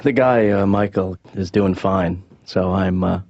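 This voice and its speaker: A man voicing a lazy young adult son who talks in a mumbling, deadpan ramble. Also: low voice, measured pace, dry recording. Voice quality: gravelly. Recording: dull lo-fi sound, dry.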